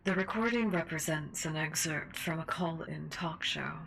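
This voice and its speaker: A woman streamer reads horror stories aloud and jokes between passages in a giggly, self-mocking way. Her voice is low with a gravelly texture. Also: moderate pace, few pauses, fairly bright tone, a little hiss or hum, rough recording. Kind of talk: livestream horror reading.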